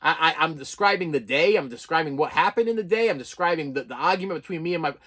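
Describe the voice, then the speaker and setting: A man's voice: fairly high pitch, lively intonation, fast talker, a bit bright. A man in his fifties giving a raw, emotional personal rant to camera, full of stammering restarts and repeated phrases. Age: 50s. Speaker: vlogger.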